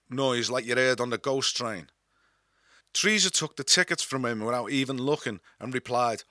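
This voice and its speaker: A man with a Scouse accent reads aloud from his own memoir. His voice is bright and forward, and his delivery is wry and dry-humoured. The recording is close and dead dry. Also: mid-range voice, normal speed, dry recording. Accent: Liverpool (Scouse). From Liverpool, England. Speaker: author and narrator. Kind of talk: memoir reading.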